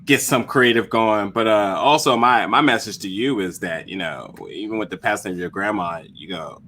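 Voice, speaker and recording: A man's voice: on the low side, moderate pace, bright, forceful tone, slight background noise. A man hosting a casual podcast chat, speaking earnestly and encouragingly. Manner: earnest, encouraging, laid-back.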